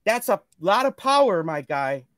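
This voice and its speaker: Earnest high-voiced man preaching self-love. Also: big pitch swings, moderate pace, a bit bright, dry recording, studio quality. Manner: earnest, preachy, repeats phrases. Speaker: guest. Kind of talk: motivational casual chat. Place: live stream call.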